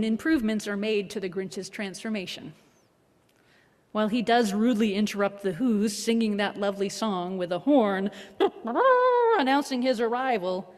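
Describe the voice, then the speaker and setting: A woman minister giving a reflective, measured sermon with a gently wry touch. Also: on the high side. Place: worship hall. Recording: long hall reverb.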